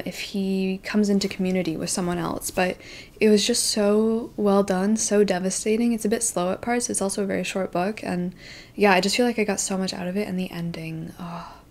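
Speaking straight to camera, a book vlogger in her twenties tells a story in an animated, self-mocking way. Her voice sits at a middle pitch for a woman, and she peppers her sentences with "like" while laughing at herself.

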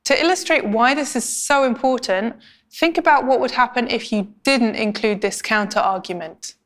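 A woman teaching academic writing in a clear, measured, scripted explainer style. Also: on the high side, a bit bright. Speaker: language instructor.

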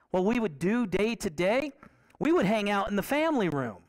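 A man's voice: high voice, very animated, normal speed. A man preaching a sermon in a conversational way. He asks the congregation questions and repeats key phrases to drive them home.

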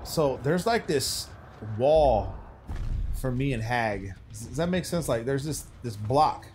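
A young man streaming a game, chatting loosely with his viewers in slangy banter that swings from hype to low mutters. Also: lively intonation, takes it slowly, a little mellow, faint music behind. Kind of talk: casual gaming stream commentary.

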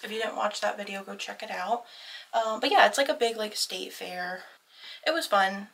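Young woman, bright tone, a little off-mic, excitable chatty vlogger telling a story. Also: medium pitch, normal speed, vocal fry, far from the mic, low-quality recording. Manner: chatty, lots of "like" fillers, excitable. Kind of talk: casual storytime chat.

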